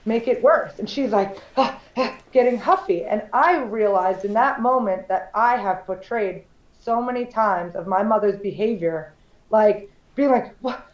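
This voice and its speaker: A woman's voice: mid-range voice, moderate pace, few pauses. A woman telling stories candidly in a casual podcast chat, jumping into the voices of the people she quotes. Her voice sits in a mid range and bounces around a roomy space. The sound is slightly dull and lo-fi. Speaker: podcast co-host.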